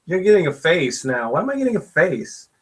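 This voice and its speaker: A man's voice: a little high, very animated, brisk, a bit bright. A man co-hosting a casual chat, talking bluntly with plenty of swearing, sometimes with food in his mouth. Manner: blunt, profane ranting; chats while eating. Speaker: co-host.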